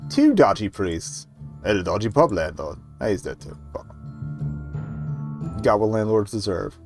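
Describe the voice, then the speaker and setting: Male streamer, low voice, casual, murmured dialogue reading, faint music behind. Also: sing-song, a little slow, a little mellow. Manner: casual, swears, reads lines in a low murmur. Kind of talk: reading game dialogue aloud with commentary.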